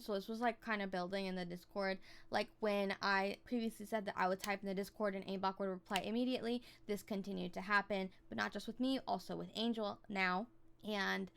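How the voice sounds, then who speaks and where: A woman's voice: mid-range voice, smooth. A woman telling a casual storytime vlog, emphatic and heavy on swearing, often slipping into quoting others.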